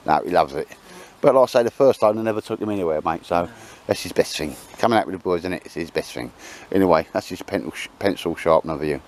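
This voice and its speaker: A man's voice: low voice, animated, quick pace, slight background noise. A man, chatting and bantering with mates outdoors, laughing often. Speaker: channel host. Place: outdoors in woods.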